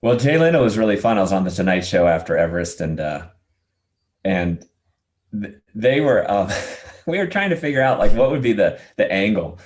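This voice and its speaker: Animated storytelling man with a low voice. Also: moderate pace. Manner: animated storyteller, acts out quoted voices, laughs easily. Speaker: podcast guest, adventurer. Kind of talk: casual storytelling interview.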